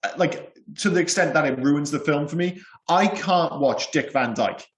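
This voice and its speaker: A Welsh man with a fairly high voice co-hosts a casual film podcast at normal speed. He's candid and blunt, rambling at length with his opinions, and the recording has a roomy echo.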